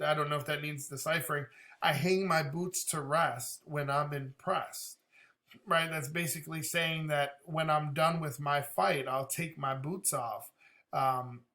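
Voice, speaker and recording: A man talks through a song's lyrics in a loose, casual way, working out their meaning as he goes. His voice is bright and sits a little high. He laughs often and drops casual swears. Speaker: reaction video host. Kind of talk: casual song reaction commentary.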